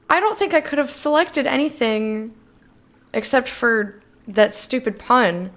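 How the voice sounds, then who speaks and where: A woman's voice: high voice, unhurried. Chatty swearing woman streamer. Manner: animated, swears, laughs often. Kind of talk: casual let's-play chat.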